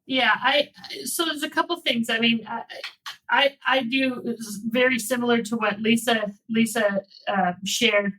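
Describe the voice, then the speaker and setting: A woman working in private school admissions, talking through interview tips in a relaxed panel discussion, with frequent restarts. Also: a little high, measured pace, rough recording. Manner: warm conversational storytelling with many restarts.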